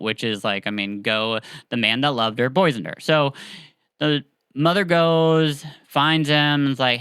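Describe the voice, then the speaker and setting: Chatty podcast host, bright crisp voice. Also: mid-range voice, unhurried, no room sound. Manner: chatty and animated, with filler words and laughs. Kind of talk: casual chat, retelling a story.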